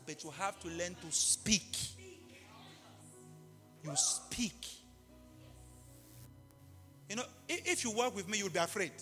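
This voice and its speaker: A man preaching a live sermon in an impassioned way, repeating key phrases and bursting into shouts. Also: high-pitched. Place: large church hall. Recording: live hall reverb with faint music.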